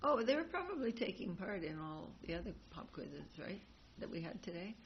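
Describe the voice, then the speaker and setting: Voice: medium pitch, sing-song, a little fast. A speaker teaches a devotional class, rambling through a story with frequent laughs and self-corrections. The recording is dull and lo-fi, with a faint hiss behind it.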